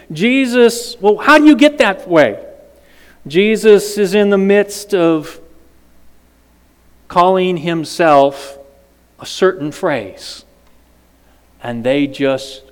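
High-voiced preacher in a reverberant hall. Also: male voice. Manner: dramatic, questions the congregation. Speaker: pastor. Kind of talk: sermon.

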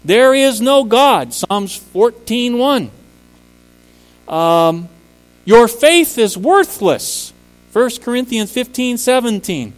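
A man's voice: very high-pitched, animated, slow pace, clean tone, big-room sound, soft background music, low-quality recording. A man preaching a sermon, speaking emphatically and rising to impassioned peaks on key words. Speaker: preacher and teacher.

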